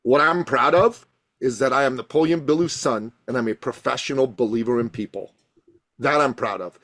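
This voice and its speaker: A man guesting on a podcast as a coach, telling a story with passion and building to loud emphatic peaks. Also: medium pitch, moderate pace, dry recording. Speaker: guest, coach and thought leader.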